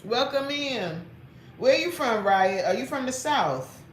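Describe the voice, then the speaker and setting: A woman's voice: fairly high pitch, lively intonation, slow pace, roomy sound, a little hiss or hum. A woman fitness coach chatting playfully on a livestream, greeting viewers by name, reading their comments aloud and laughing often.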